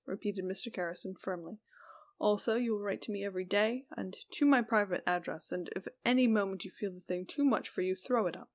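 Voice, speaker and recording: A woman reads a Victorian ghost story aloud for an audiobook. Her voice sits at an ordinary middle pitch, and her delivery is slow and even, with the speech tags dropping away softly. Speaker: audiobook narrator.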